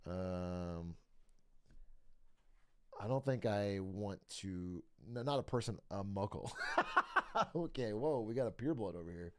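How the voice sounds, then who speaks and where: Young male streamer, expressive pitch, loose profane chatter. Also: unhurried, long pauses. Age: young adult. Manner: rambling, profane, laughs often. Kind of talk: casual stream chat.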